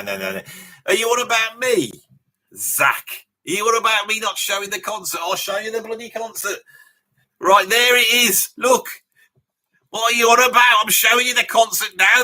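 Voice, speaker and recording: A man's voice: medium pitch, sharp tone, exaggerated voice. A man putting on a brash, mouthy metalhead bloke with a Birmingham accent, blustering and rambling through a live reaction stream. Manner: blustering and rambling, swears casually, laughs at his own jokes. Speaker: livestream host in character.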